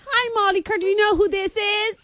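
Woman doing a puppet monster voice, squeaky, put-on American accent, very high, bright. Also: steady tone, fairly quick. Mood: excited, squeaky. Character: furry red puppet monster, squeaky and cheerful.

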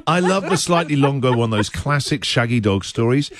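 A man's voice: mid-range voice, expressive, normal speed, a crowd in the background. A man hosting a live call-in radio show, upbeat and encouraging with callers. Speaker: radio host.

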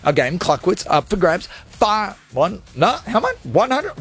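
A man's voice: sits high, lively intonation, moderate pace, a bit bright. A man hosting a live radio show, talking in a jokey, rambling, self-mocking way. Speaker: radio host. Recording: studio with music underneath.

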